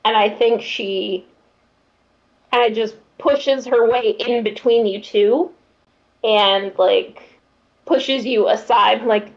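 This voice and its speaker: Unhurried woman narrating a tabletop game. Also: on the high side, lo-fi sound. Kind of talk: tabletop role-play narration.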